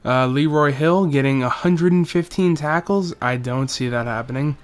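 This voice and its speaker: A young man with a slightly higher voice runs through his football video game, commenting casually and cracking jokes. He rambles through stats, then slips into a mock play-by-play voice. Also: moderate pace. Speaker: gaming YouTuber.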